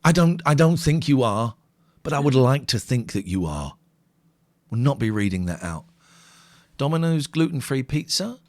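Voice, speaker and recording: Brief: male co-host, casual late-night stream chat, animated delivery, dry close mic. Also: medium pitch, moderate pace, pauses often, no echo. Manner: chatty, wry, reads out tips and comments. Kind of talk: casual chat, reading out viewer comments.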